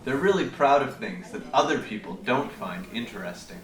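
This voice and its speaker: A man teaching English to learners in a scripted lesson, explaining grammar clearly and deliberately. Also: mid-range voice, lively intonation.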